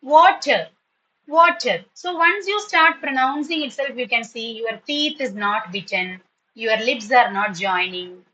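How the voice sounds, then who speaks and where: A woman teaching an online English class, patiently spelling words and repeating them slowly. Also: a little high, pushed and bright, rough recording.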